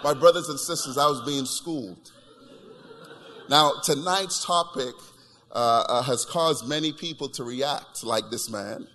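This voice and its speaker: Bright-voiced preacher in a reverberant hall. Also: male voice, medium pitch, a little slow. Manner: animated storytelling with repeated restarts. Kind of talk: sermon with personal stories.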